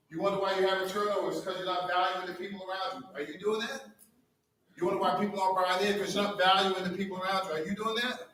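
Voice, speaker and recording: Man, district leader, high voice, preacher-like, heard from afar in a very echoey hall. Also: fairly bright tone. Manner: preacher-like, fires rhetorical questions at the crowd. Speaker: school district leader addressing staff. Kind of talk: motivational speech to a live audience. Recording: echoey hall from far off with faint noise.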